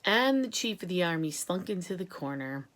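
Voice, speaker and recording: A woman teacher reading a chapter book aloud to children, in a lively and expressive way. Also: fairly low pitch, normal speed.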